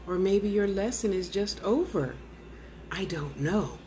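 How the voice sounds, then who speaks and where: A woman's voice: medium pitch, lively intonation, a little slow, warm tone, a little hiss or hum. A woman talking casually to an unseen spirit, coaxing and soothing it, with blunt, cursing asides. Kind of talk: casual one-sided spirit talk.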